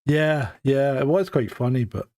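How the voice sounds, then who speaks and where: A man's voice: mid-range voice, measured pace, darkish tone. A man from Scotland co-hosting a live stream in a joking, chatty way, often restarting sentences. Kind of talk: casual chat.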